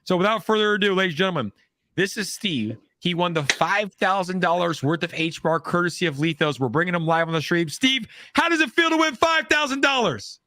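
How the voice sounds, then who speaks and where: A man hosting a livestream from his home, chatting excitedly and repeating himself to rally the viewers. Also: high voice, brisk, background noise. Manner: hyped, repetitive, shouts out chat. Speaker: livestream host. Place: home in Orange County.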